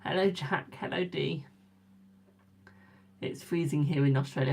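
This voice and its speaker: Gravelly English woman chatting on a live stream. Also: low-pitched, measured pace, darkish tone. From England. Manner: chatty and teasing, reading out viewer comments. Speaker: live stream tarot reader. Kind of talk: casual live-stream chat with viewers.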